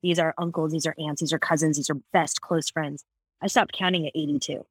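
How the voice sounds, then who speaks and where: A woman speaks in a relaxed podcast chat, her voice swinging between soft, low moments and lively, laughing bursts. The sound is close and dry, with no room around it. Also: brisk, husky, no room sound. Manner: animated storyteller, laughs often. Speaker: podcast guest. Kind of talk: casual conversation.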